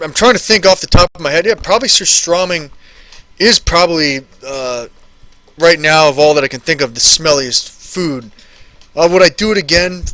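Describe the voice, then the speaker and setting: A man's voice: on the high side, bright, forceful tone. A man in his thirties casually chatting on a live stream, answering viewer questions and rambling and repeating phrases.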